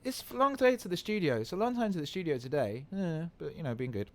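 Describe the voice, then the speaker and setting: A man's voice: fairly high pitch, lively intonation, fast, voice pushed up. A squealing, thrilled little boy. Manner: squealing, wide-eyed. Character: excited six-year-old boy.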